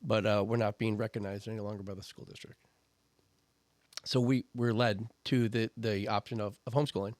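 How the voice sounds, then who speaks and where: A man's voice: fairly low pitch, steady tone, fairly quick, a little mellow, no echo. A man talking as a podcast guest about coaching and homeschooling. He is earnest and emphatic, and he repeats words for stress. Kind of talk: casual chat.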